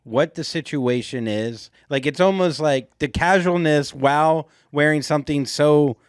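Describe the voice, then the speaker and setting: A man's voice: on the high side, clean tone, no room sound, clean studio sound. A man co-hosting a podcast in casual chat, playful and jokey. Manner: playful, jokey, quick to laugh. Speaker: podcast co-host.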